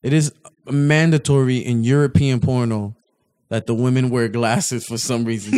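A man's voice: medium pitch, steady tone, moderate pace, darkish tone, clear, resonant tone. A man from Brooklyn, joking around in casual podcast banter. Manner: joking, self-mocking. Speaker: podcast co-host.

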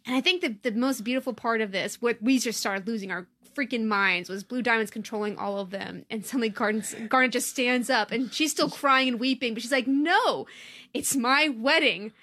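A woman co-hosting a casual chat, retelling an episode in an excited, emphatic way. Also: a little high, brisk, few pauses. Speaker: podcast co-host.

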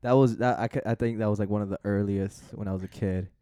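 Low smooth-voiced man telling stories. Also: fast talker, dry recording, studio quality. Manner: animated storytelling, acts out quoted voices; swears casually. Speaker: podcast co-host. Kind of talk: casual chat.

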